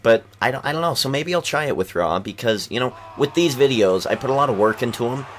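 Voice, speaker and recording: A man's voice: medium pitch, lively intonation, quick pace, slight background noise. A man giving casual, rambling gameplay commentary at home, keeping his voice down at night, full of fillers and restarts. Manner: kept quiet at night. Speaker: video game commentator.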